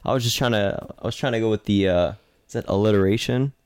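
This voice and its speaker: A man's voice: lowish voice, fast, a little mellow, clear, resonant tone, no echo, clean studio sound. A man co-hosting a sports podcast in casual chat, talkative and playful, often correcting himself mid-sentence. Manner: chatty, self-correcting, playful. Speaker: podcast co-host.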